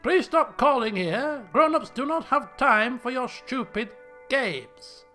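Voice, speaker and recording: A curt, dismissive woman on the phone, as a man puts her on. She talks high and with lively swings. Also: normal speed, faint music behind. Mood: irritated.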